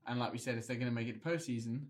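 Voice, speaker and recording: A man's voice: medium pitch, racing. A man co-hosting a casual sports podcast who gives dry, blunt opinions. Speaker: podcast co-host.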